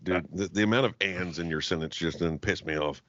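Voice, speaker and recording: A young man co-hosting a comedy podcast, ranting and mocking his partner with loud, profane banter. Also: deep voice, a little fast, dry recording, muffled recording. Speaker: podcast co-host.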